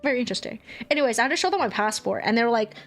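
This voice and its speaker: A young woman streamer chatting casually, telling a story with animated swearing and acted-out quotes. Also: fairly high pitch, rapid-fire, soft background music. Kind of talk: casual chat.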